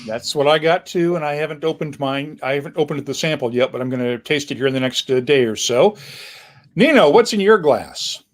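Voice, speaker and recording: A man's voice: fairly high pitch, animated, fairly quick. Chatty man hosting a webcast. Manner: chatty, joking, reads viewer comments aloud. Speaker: host. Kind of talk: casual webcast chat. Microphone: video call.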